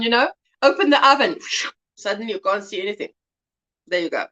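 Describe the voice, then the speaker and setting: A woman's voice: medium pitch, expressive, fairly quick, long pauses, pushed and bright. A middle-aged woman from South Africa hosting a casual livestream, chatting with viewers, greeting them by name and laughing often. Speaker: livestream host.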